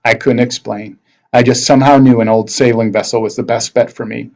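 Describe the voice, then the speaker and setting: A man at a middle pitch reads a novel aloud to his class. He narrates expressively, like a teacher sharing a chapter with students. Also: fairly even intonation, a little fast, creaky, a little mellow, poor audio.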